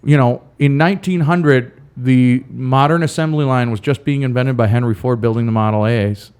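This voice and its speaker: A man co-hosting a casual podcast, rambling and correcting himself, reading trivia statements out slowly. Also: medium pitch, darkish tone, clean tone. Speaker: podcast co-host running a trivia game. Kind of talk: casual chat.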